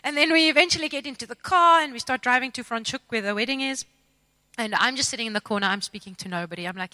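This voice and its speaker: A woman telling a personal faith testimony in an expressive, self-mocking, dramatic storytelling way. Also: a little high, quick pace, no room sound. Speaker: speaker sharing a testimony.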